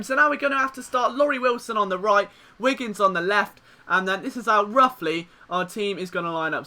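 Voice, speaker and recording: A young man giving jokey, excitable let's-play commentary on a football management game, lurching between despair and cheering. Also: very high voice. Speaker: gaming commentator.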